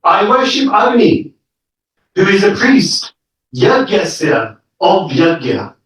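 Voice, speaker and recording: A man's voice: high voice, sing-song, slow pace, fairly bright tone. A man teaching a live scripture class, explaining each word step by step and checking in with the audience. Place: lecture room with an audience. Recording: echoey room, mic far off.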